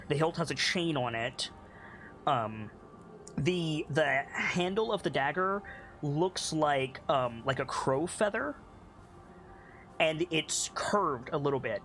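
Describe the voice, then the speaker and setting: A man's voice: on the high side, fairly bright tone. A man narrating a tabletop game as game master, talking casually with many fillers.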